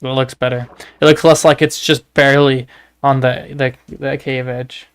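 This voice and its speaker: A man's voice: mid-range voice, level tone, moderate pace, clean tone. A man with a Canadian accent, chatting and telling jokey stories while livestreaming a game. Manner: joking, rambling storyteller. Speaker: livestreaming gamer. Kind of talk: casual gameplay commentary.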